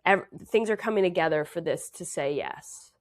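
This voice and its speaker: A woman's voice: fairly low pitch, animated, moderate pace. Canadian actress guest, young woman, thoughtful, earnest, filler-heavy. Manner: reflective, earnest, many fillers. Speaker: actress and dancer, interview guest. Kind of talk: conversational interview.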